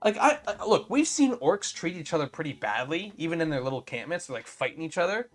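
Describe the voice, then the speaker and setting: A man with a slightly high voice rants through a casual review chat, exasperated and animated, full of fillers and self-interruptions. Faint background music sits under his talk. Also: fast talker. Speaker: podcast co-host.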